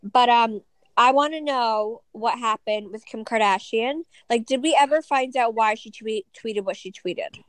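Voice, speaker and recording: A woman in her thirties co-hosting a casual podcast chat from bed, blunt and teasing with quick laughs. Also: fairly high pitch, dry recording, low-quality recording. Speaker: podcast co-host. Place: lying in bed at home.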